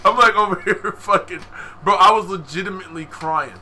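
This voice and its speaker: A young man and podcast co-host telling a story in casual, animated speech, with lots of profane slang and frequent laughter. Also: sits high, fairly quick, noisy background.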